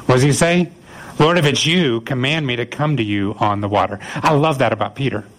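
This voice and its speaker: A man preaching a sermon, retelling scripture as a lively story and acting out the voices of the people in it. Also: medium pitch, fairly quick, low-quality recording. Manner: animated storytelling, acts out quoted voices. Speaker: pastor.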